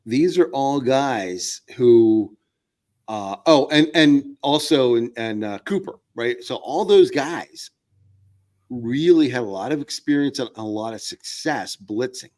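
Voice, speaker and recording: A man's voice: medium pitch, animated, slow pace, darkish tone. A man appearing as a podcast guest, talking sports in a casual, rambling way with many fillers and restarts.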